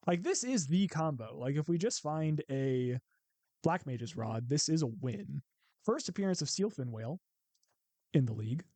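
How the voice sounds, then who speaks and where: A man's voice: a little high, darkish tone, dry recording. A man with a Midwestern accent casually commentating a card game, thinking aloud and counting out his plays. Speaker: gameplay commentator.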